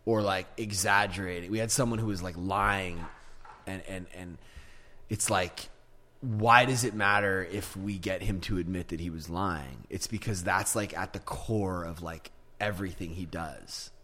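A man co-hosting a podcast in casual chat, with a gruff voice that sounds aggressive, blunt and swearing often. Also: deep voice, unhurried, sharp tone, a little hiss or hum. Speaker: podcast co-host.

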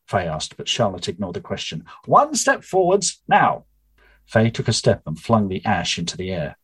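A man's voice: lowish voice, husky, poor audio. A middle-aged man, the book's author, chatting upbeat about his novel and then reading from it aloud. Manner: chatty and upbeat, with small restarts.

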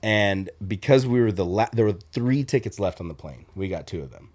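A podcast co-host with a lowish voice talks at a brisk clip, telling a story in loose, profane chat. He rambles animatedly, restarting often and leaning hard on "like" as a filler.

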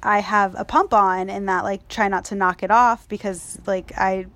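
A young woman in casual conversation, telling a story in a quick, animated way. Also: mid-range voice. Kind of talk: casual chat.

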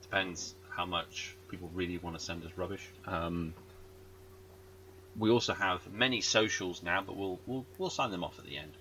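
A man's voice: deep voice, moderate pace, pushed and bright, slight background noise, low-quality recording. A man hosting a podcast in casual chat, rambling with lots of ums and jokey asides. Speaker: podcast host.

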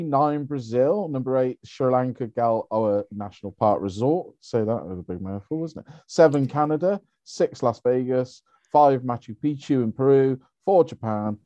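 A man on a casual podcast, briskly reading through a list. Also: mid-range voice, mellow, no echo, muffled recording. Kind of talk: casual chat.

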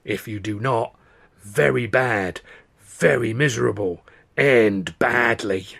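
A man voicing an ancient female fortune-teller with a harsh, rasping voice, speaking in slow, broken, halting pronouncements. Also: medium pitch, fairly bright tone, exaggerated voice. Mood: wailing.

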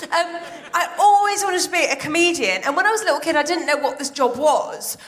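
A middle-aged woman performs stand-up comedy on a big theatre stage, her voice pitched high. She talks in a chatty, excitable way, darting into quick asides. She grew up in Iran. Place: large theatre stage with audience laughter.

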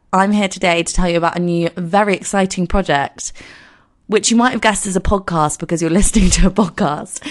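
A woman in her twenties with a croaky voice, hosting her podcast in a chatty, self-deprecating, rambling way. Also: mid-range voice. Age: 20s. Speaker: podcast host. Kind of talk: casual solo podcast intro.

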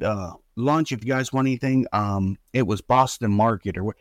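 Middle-aged man, casual animated storyteller, dry sound. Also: normal speed, no echo. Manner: animated, acts out quotes with pitch jumps. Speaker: father telling a story.

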